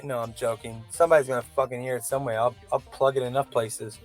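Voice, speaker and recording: A man's voice: medium pitch, little pitch movement, fast, soft background music. A man vlogging a casual opinion rant, rambling and profane, with frequent self-doubting asides.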